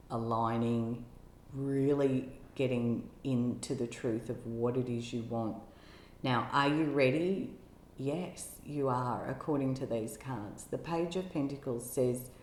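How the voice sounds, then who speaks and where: A woman giving an intuitive tarot love reading in a gentle, musing way, now and then exclaiming with delight. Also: a bass voice, a little hiss or hum. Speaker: tarot reader. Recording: echoey room with faint ambience.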